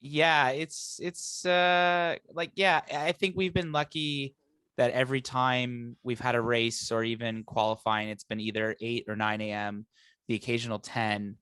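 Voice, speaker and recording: A man's voice: mid-range voice, flat delivery, measured pace, fairly bright tone, clear, resonant tone, no room sound, studio quality. A man hosting a casual motorsport podcast, upbeat and chatty with his co-hosts. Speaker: podcast host.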